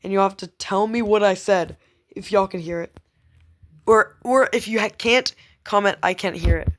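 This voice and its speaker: A woman's voice: medium pitch, normal speed. A young woman talks casually to her camera as a gaming YouTuber. She rambles, giggles and teases, and often lets a thought trail off before jumping to the next.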